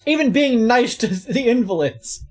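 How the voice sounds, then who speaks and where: A woman's voice: on the high side, expressive, measured pace, a little mellow, voice pushed up. A woman voicing an earnest young male defense lawyer in a fan read of a game.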